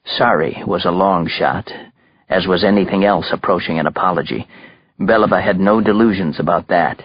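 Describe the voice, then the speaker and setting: Deep husky male audiobook narrator. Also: moderate pace, no room sound, muffled recording. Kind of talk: scripted narration.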